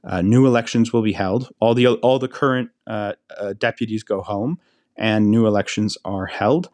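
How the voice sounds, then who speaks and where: An American man co-hosting a podcast, explaining politics in a measured, hesitant way with many fillers. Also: on the low side, steady tone, darkish tone, dry recording. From United States. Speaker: podcast co-host.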